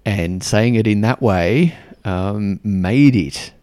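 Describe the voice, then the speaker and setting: An Australian podcast host casually tells a story in a chatty style, full of ums and likes, occasionally acting out other people's lines. His voice is lowish, slow, and warm, captured in a dry, studio-quality recording.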